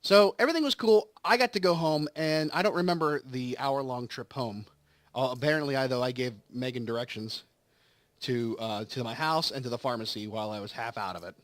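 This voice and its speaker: A medium-pitched man talks a little fast, with no echo, as he hosts a game video. In casual chat over gameplay he tells a long, rambling story with acted quotes while recovering from surgery.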